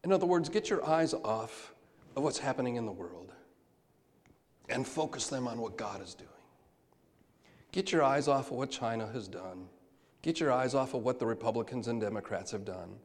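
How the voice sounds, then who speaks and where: A man preaching a sermon, moving between soft, hushed lines and loud, emphatic calls. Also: mid-range voice, lively intonation, moderate pace, pauses often. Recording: long hall reverb.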